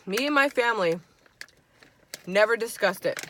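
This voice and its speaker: A woman in her twenties telling a story on a vlog, animated and swearing freely, with lots of "like". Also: medium pitch, moderate pace, a little hiss or hum. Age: 20s. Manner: animated, profane, heavy "like" filler. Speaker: vlogger. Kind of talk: storytime chat.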